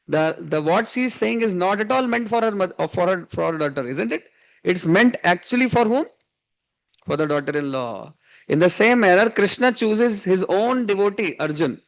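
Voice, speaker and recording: A man with an Indian English accent telling a story during a spiritual class, chuckling often and mixing in Hindi words. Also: high voice. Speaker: spiritual teacher. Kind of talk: storytelling sermon. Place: evening class.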